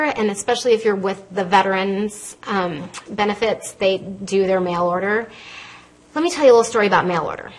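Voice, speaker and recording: A woman speaks from a stage podium with a somewhat husky voice, pitched in a medium range. She talks with a quick, lively, conversational manner, teaching an audience about medications. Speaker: pharmacist giving a public health talk. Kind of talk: lecture to a live audience from a stage. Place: stage in a lecture hall. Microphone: podium microphone.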